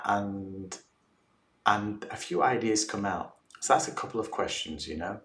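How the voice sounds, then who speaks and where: Low-voiced man on a distant, roomy mic. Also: measured pace. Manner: animated storytelling, acts out clients' replies. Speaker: guest coach. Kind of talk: casual interview talk.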